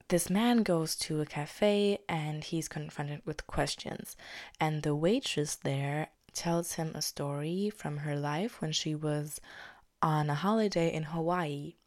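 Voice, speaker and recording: Low-voiced chatty young woman podcaster. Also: darkish tone, no room sound, clean studio sound. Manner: chatty, with many "like" and "basically" fillers. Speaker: podcast host. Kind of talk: casual spoken storytelling. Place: living in Germany.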